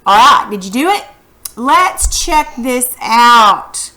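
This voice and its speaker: Bright-voiced woman teaching a phonics lesson. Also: a little high, big pitch swings, slow. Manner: patient, encouraging, asks questions. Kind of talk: recorded phonics lesson for students.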